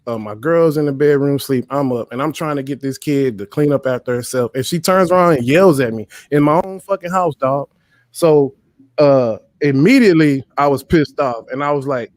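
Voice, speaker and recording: Live-stream host, male, heated and profane storyteller, slightly high voice. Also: normal speed, darkish tone, dry recording. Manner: profane, emphatic, storytelling rants. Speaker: livestream host. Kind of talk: heated casual commentary.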